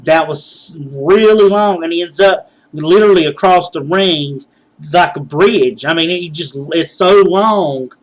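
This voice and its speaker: A man's voice: a little high, measured pace. A man hosting a wrestling results show, recapping matches in a casual, rambling way with many fillers and restarts.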